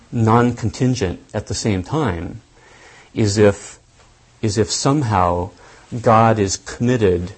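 A man giving a lecture on scripture, thinking aloud deliberately and stressing key points. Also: lowish voice, darkish tone, husky, low-quality recording. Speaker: Bible teacher.

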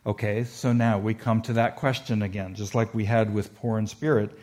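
A man teaching on the Bible in a measured, explanatory lecture, slowing down to stress quoted verses. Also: lowish voice, little pitch movement, darkish tone.

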